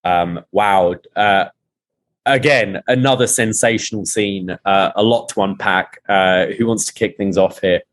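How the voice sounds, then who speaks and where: A man's voice: deep voice, unhurried, a bit bright. A man hosting a casual podcast, recapping a TV episode and reading out its dialogue with rising emphasis. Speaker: podcast host.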